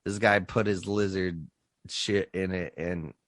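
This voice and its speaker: A man's voice: low voice, unhurried, no room sound. A man co-hosting a podcast, telling stories in casual chat, swearing a lot and laughing. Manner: profane, animated storytelling with laughs. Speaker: podcast co-host.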